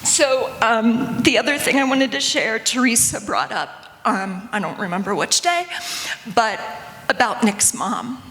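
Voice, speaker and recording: A woman's voice: on the high side, animated, a little slow, fairly bright tone. A woman speaking as a parent advocate in an audience, earnest and emotional, her voice close to tears. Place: conference hall. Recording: long reverb of a large hall.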